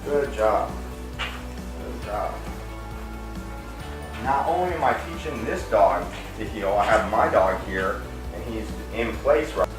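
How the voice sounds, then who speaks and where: A man dog trainer explaining calmly to viewers while working a dog, breaking off into sharp high praise calls. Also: moderate pace. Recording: roomy distant camera audio with music.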